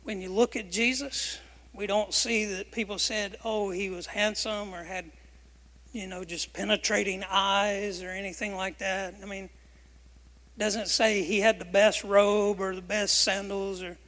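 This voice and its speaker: Pastor, male, bright, forceful voice, emphatic sermon with call-and-response, long hall reverb. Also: high voice. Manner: emphatic, asks the congregation questions and has them repeat phrases. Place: church sanctuary.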